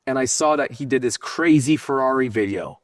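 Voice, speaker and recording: Male guest, business owner, blunt and casual, swears, acts out quotes, mid pitch, dry booth. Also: fairly quick, dry recording. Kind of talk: casual interview storytelling.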